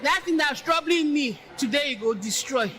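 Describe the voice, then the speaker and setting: A man forcefully declaring prayers at a conference. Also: very high-pitched, expressive, moderate pace, poor audio. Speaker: conference attendee.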